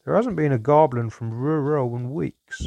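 A man voicing a shrewd old male dwarf innkeeper who talks jovially, then quietly probes. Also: mid-range voice, moderate pace, creaky, no room sound, muffled recording, pitched above the performer's own voice, natural voice. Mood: probing.

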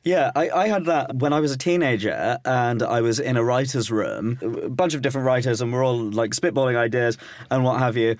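A man's voice: medium pitch, fairly quick, no room sound. A young man, a comedian, chatting casually on a podcast. He tells rambling stories and laughs often.

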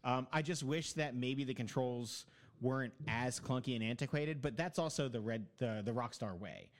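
A man's voice: mid-range voice, normal speed. A man in casual chat, telling long rambling stories about a video game with many fillers.

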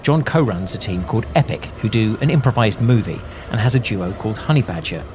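A man's voice: fairly low pitch, expressive, a little fast. Male podcast host, curious and playful, faint background noise. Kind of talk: podcast narration and interviewing.

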